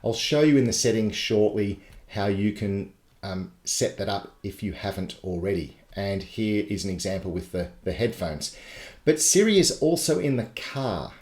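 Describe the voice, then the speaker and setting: A man's voice: on the low side, expressive, normal speed, darkish tone. Echoey man teaching. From Australia. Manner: chatty step-by-step explaining. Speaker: tech tutor. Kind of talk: live webinar tutorial. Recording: echoey live broadcast.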